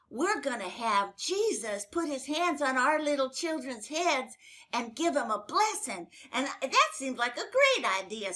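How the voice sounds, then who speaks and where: An older woman telling Bible stories to children in a folksy, chatty way, with fillers and lively exclamations. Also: high-pitched. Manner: animated, exclaiming. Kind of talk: storytelling to children.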